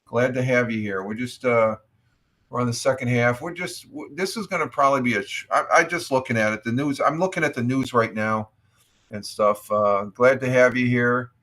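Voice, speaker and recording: Speaking at a moderate pace in a medium-pitched, somewhat bright voice, this livestream host is a middle-aged man from the United States. He reacts to news in a relaxed morning chat, wandering along with many fillers and false starts.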